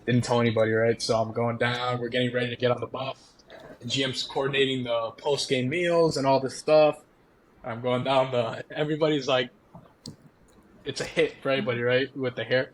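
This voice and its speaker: A young man, a former college ballplayer, telling stories as a podcast guest in a casual, animated way, laughing often and acting out quotes. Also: mid-range voice, a little fast, slight background noise. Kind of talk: casual storytelling.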